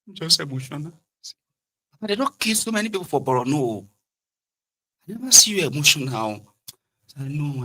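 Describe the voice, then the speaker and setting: Switching among English, Yoruba, and Pidgin, this Nigerian commentator with a Yoruba-tinged accent talks politics with gusto and mocks others through impressions. He has a husky, mid-range voice.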